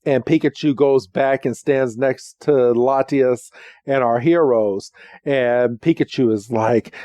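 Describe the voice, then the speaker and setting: A man's voice: medium pitch, mellow, no echo. A man hosting a podcast, recapping a cartoon episode in a casual, chatty way with plenty of ums. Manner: chatty, with frequent ums and quick acted quotes. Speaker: podcast host.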